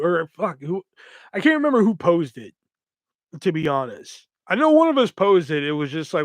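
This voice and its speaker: A man's voice: fairly high pitch, sing-song, normal speed, dry recording. A man hosting a podcast, telling a rambling story in casual chat, swearing constantly and full of fillers. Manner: rambling, profane, lots of fillers. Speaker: podcast host.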